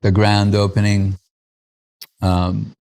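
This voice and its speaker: A man's voice: on the low side, monotone, slow pace, vocal fry, a little mellow. A man giving a devotional festival talk, recalling stories with frequent chuckles and fillers like "uh" and "like".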